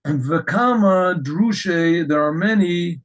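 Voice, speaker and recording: A middle-aged man teaching a Torah lesson as a rabbi, telling stories with lively restarts and repeated words. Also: sits high, takes it slowly, poor audio. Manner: animated storytelling with frequent restarts.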